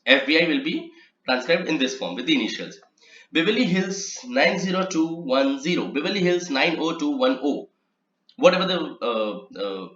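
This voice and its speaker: A man's voice: medium pitch, a bit bright. A man gives an instructional lecture on transcription rules, explaining patiently and spelling out each example. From India. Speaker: transcription trainer. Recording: echoey, slightly muffled room recording.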